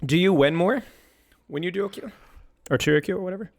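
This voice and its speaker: A man's voice: sits high, brisk. A man coaching a player in a casual chat, joking and teasing as he goes. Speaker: game coach.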